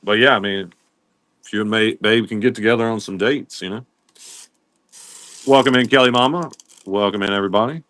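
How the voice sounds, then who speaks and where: With a voice on the low side and a bit bright, a man running a live sale talks fairly quickly but pauses often, casually naming viewers as he works through the items. He coughs from time to time, recorded with no room sound.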